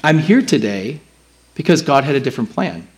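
A man's voice: mid-range voice, sing-song, a little fast. A man in his thirties, a pastor preaching a sermon and acting out his own past answers as he tells the story.

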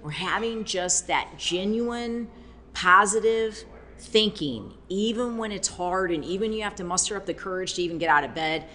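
A woman fitness trainer in a casual faith-based talk, animated and rambling, with many fillers and acted-out quotes. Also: mid-range voice, moderate pace. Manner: animated, acts out quoted speech.

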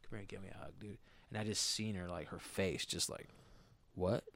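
A man telling stories in casual podcast chat, profane and animated, acting out what people said. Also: low-pitched, brisk, vocal fry. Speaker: podcast co-host.

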